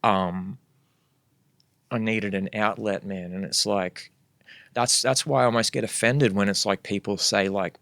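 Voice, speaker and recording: A man's voice: lowish voice, steady tone, a little slow, creaky, fairly bright tone, dry recording. A young man talking as a guest MC on a casual podcast, earnest and rambling as he thinks aloud.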